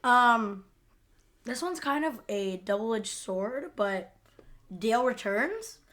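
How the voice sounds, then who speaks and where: A woman's voice: fairly high pitch, lively intonation, slow, a bit bright. A woman co-hosting a podcast, chatting casually and enthusiastically about a TV episode, with frequent laughter. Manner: enthusiastic, laughs often, lots of fillers. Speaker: podcast co-host. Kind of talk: casual chat recapping a TV episode.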